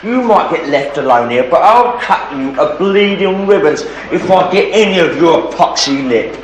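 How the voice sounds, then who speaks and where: An actor playing a menacing young male prisoner in a British film, shouting threats. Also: fairly high pitch, animated, normal speed, natural voice. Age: young adult. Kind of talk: 1970s British film drama. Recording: echoey film audio with faint noise.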